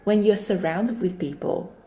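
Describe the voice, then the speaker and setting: Mellow, gentle woman co-host. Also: mid-range voice, measured pace. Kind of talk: reflective conversation.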